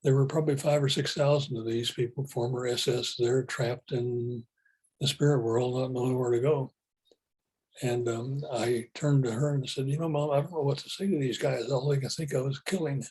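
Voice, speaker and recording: A man telling personal spiritual stories in a calm, unhurried, matter-of-fact way. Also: mid-range voice, husky, poor audio. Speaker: speaker telling spiritual experiences. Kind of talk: personal storytelling.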